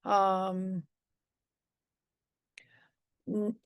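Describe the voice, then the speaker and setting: A woman teaching a live language lesson, patiently repeating each phrase and gently correcting pronunciation. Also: medium pitch, slow pace.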